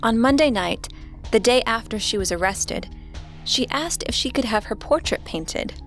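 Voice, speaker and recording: A woman narrating a scripted true-crime story as podcast co-host, in a steady storytelling delivery. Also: a little high, normal speed, soft background music.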